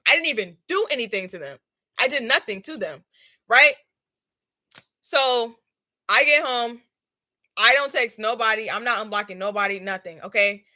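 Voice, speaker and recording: A young woman in her twenties telling a casual, slangy storytime while doing a face mask, animated and laughing often. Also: fairly high pitch, normal speed, pauses often. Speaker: vlogger.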